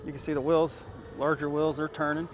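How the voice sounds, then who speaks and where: A man's voice: fairly high pitch, flat delivery, fairly quick, a little hiss or hum. Upbeat man demoing a riding mower. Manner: enthusiastic, chatty, explaining step by step. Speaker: tool reviewer. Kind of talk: casual product demo vlog. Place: outdoors by a riding mower, later driving it. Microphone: camera mic, at times an action camera on the mower.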